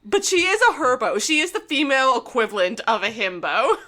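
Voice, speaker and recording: A woman's voice: sits high, big pitch swings, fairly quick, pushed and bright. A woman co-hosting a podcast, chatting casually and playfully about an anime, often laughing and acting out characters' lines. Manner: giggly, playful, acts out characters in quotes. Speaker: podcast co-host. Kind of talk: casual chat recapping an anime.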